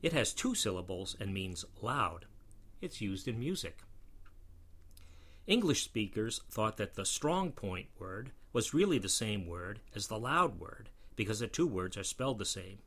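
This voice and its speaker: Male narrator for a scripted pronunciation lesson: lowish voice, expressive delivery that leans on key words, dry wit. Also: unhurried. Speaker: pronunciation lecturer.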